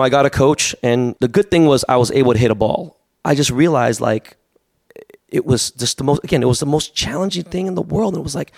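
A man's voice: mid-range voice, vocal fry, darkish tone, dry recording, studio quality. A man in his forties, a podcast guest, telling rambling stories full of fillers. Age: 40s. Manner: fast, rambling storytelling with many fillers. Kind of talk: casual podcast chat.

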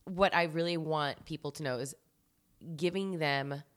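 A woman's voice: low-pitched, a little slow. A woman co-hosting a podcast in casual chat, earnest with a dry humor. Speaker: podcast co-host.

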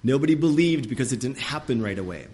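Man preaching an earnest, excitable sermon. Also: quick pace. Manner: voice climbs high and loud when worked up. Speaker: pastor.

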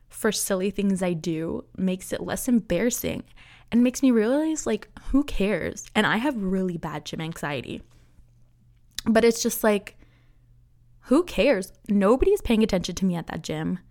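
A woman's voice: mid-range voice, darkish tone. A young woman hosting her own podcast, chatting casually in a rambling way with lots of fillers and frequent laughs. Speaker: podcast host. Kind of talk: casual solo podcast chat.

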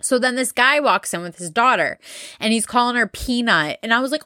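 A woman's voice: fairly high pitch, normal speed, bright, forceful tone, dry recording, studio quality. A young woman hosting a podcast, telling a story in casual chat, full of fillers and blunt swearing. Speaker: podcast host.

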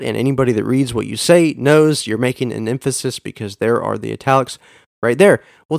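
A man's voice: medium pitch, gravelly, no echo, studio quality. A man hosting a podcast episode, teaching earnestly and leaning hard on key words for emphasis. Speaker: podcast host teaching on Bible reading. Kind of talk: scripted teaching monologue.

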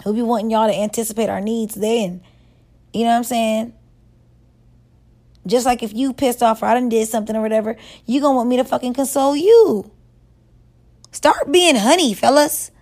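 A woman vlogger giving relationship advice in a blunt, profane, scolding rant, stretching words and jumping up in pitch for emphasis. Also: moderate pace, pauses often, darkish tone. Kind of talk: casual rant to camera.

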